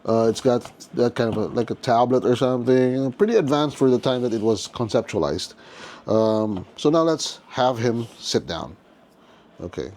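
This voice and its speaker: A man in a chatty, joking mood walks through a collectible figure in a relaxed unboxing commentary. His voice sits at an ordinary mid pitch and his delivery stays loose and playful, as if talking to fellow collectors. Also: normal speed. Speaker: toy collector host.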